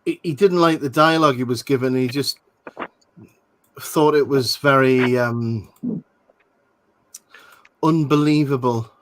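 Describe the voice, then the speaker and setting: A man's voice: mid-range voice, measured pace, pauses often, poor audio. A man hosting a casual movie watch-along, sharing film trivia with frequent ums and laughs. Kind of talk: casual film commentary chat.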